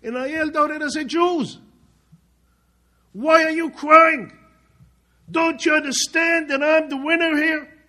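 A man's voice: very high-pitched, very animated, fairly bright tone, slightly rough, pitched above the performer's own voice, exaggerated voice. Defiant condemned prisoner, as a man tells it. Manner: raised, insistent, slow emphasis.

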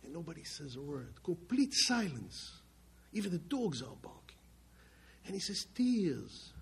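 Husky older man telling a story. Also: a little high, big pitch swings, a bit bright. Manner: emphatic, halting, dramatic. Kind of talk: spoken family testimony.

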